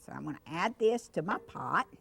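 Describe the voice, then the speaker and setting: A woman's voice: sits low, animated, fairly quick, gravelly, a bit bright, slight background noise. An older woman with a Cajun accent hosting a cooking show. She chats affectionately with a child beside her as she demonstrates a dish. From Louisiana. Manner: chatty and affectionate, talks to the child while cooking.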